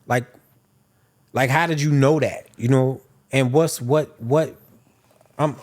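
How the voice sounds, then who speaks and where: A man's voice: medium pitch, fairly even intonation, slow, darkish tone. A man hosting a podcast, cutting in with probing questions. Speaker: podcast host. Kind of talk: interviewing.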